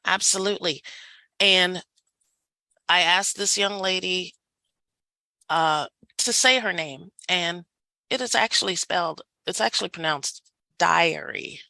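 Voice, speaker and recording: A woman leads a faculty workshop over a video call, lively and quick to laugh. Her voice is low and gravelly with a bright edge, and the sound is close and dry. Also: no echo, rough recording. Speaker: workshop presenter. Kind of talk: online faculty workshop presentation.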